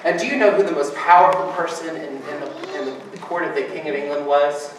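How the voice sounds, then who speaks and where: A man's voice: a little high, brisk. A man preaching a sermon, telling funny family stories and laughing often. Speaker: pastor. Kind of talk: sermon with humorous storytelling. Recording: echoey hall from far off, noisy.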